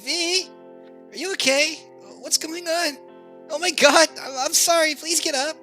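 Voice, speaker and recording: A man voicing a cheerful teenage girl with a high, squealing voice while reading a game aloud. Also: slow, soft background music, heavily acted. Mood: panicked. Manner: high, bright, worried squeals.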